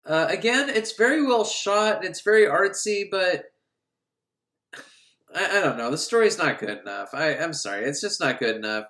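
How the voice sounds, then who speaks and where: A man recaps an old film in a casual, sarcastic way, acting out bits of scenes as he goes. His voice sits a little high and swings lively up and down. The recording has a roomy echo. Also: normal speed. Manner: sarcastic, animated, acts out scenes. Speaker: film reviewer.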